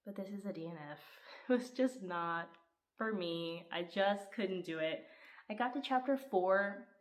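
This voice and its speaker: In a low-quality recording, a book reviewer with a mid-range voice talks at a measured pace, casually reviewing what she read. She laughs frequently and performs lines with abrupt rises in her voice.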